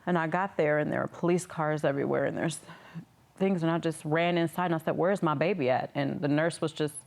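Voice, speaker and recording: A mother telling a personal story in a halting way, restarting often. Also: deep voice, steady tone, creaky, darkish tone.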